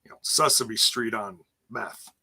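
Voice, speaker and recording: A man co-hosting a casual podcast chat, laid-back with quick quips. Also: on the low side, vocal fry, bright, forceful tone, breathy edge. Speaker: podcast co-host.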